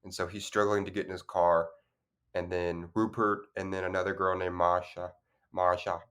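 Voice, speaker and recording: A man with a very low, deep voice talks casually through a film's plot on a podcast. He rambles and backtracks, stacking fillers and self-corrections as he goes. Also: little pitch movement, moderate pace, fairly bright tone, clean tone. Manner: loose, rambling, many fillers and restarts. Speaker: podcast co-host. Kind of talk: casual film discussion.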